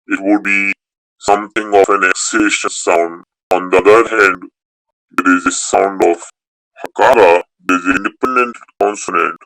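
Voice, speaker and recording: A man's voice: fairly low pitch, pushed and bright, no echo, rough recording. A man teaching a language class online, reading out student questions and answering them methodically, step by step, with frequent restarts.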